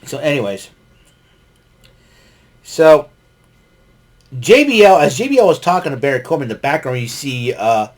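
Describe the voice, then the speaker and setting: A man's voice: fairly high pitch, very animated, moderate pace, pauses often. A man casually recapping a wrestling show, rambling with many fillers and restarts and chuckling often. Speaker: podcast host recapping wrestling.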